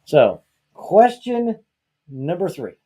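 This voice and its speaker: Male host from Georgia, mellow-toned, venting heatedly, lots of rhetorical questions; casual opinion podcast. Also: sits high, big pitch swings, slow, breathy edge.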